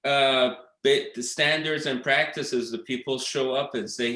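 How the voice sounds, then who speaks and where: A man's voice: medium pitch, steady tone, measured pace, hardly any pauses, pushed and bright. A man being interviewed as a guest, telling stories casually with many fillers and restarts. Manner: rambling storytelling with many fillers. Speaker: documentary director, guest. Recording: roomy echo.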